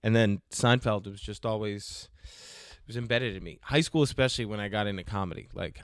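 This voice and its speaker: A man's voice: lowish voice, clear, resonant tone, no echo, clean studio sound. A man hosting a podcast alone, answering listener questions in a joking, rambling, self-mocking way. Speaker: podcast host. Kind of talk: casual solo Q&A.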